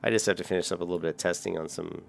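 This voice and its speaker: Gravelly low-voiced man rambling while gaming. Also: steady tone, very fast. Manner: rambling, swears casually, chuckles often. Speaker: gaming streamer. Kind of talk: casual gameplay chat with viewers.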